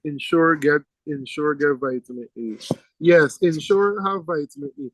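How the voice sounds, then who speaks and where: A male teacher giving a classroom lecture, lively and teasing, firing questions at his students. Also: a little high, measured pace, dry recording, poor audio.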